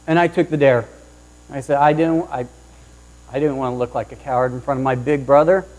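A man preaching a sermon, opening with a lively personal story and acting out the voices of the people in it. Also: medium pitch, a little fast, low-quality recording. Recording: mains hum underneath.

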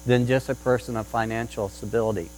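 A man's voice: medium pitch, steady tone, fast, a little mellow, slight background noise, rough recording. A man preaching a sermon about parenting, telling a story with frequent restarts and repeated words. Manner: restarts often, tells anecdotes with acted quotes. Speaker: pastor.

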